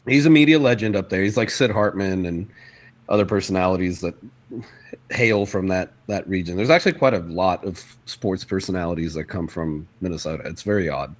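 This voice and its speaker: A man's voice: sits low, fairly quick. A man telling a funny story in a casual chat, swearing freely, laughing often and acting out the people he quotes.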